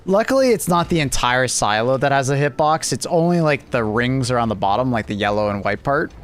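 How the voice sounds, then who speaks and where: A man's voice: medium pitch, a little fast, clean tone. A man chatting casually on a gaming livestream, sleepy and laid-back, swearing and teasing himself as he plays. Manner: profane, laid-back, self-mocking banter. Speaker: streamer.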